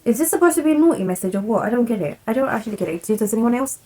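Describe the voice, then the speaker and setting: A woman's voice: a little high, expressive, racing, a little mellow, slightly rough, rough recording. A young woman chats straight to her viewers, giggly and chatty. She keeps apologising as she goes, sounding casual and unscripted. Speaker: vlogger. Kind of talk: casual chat to camera, reading messages aloud.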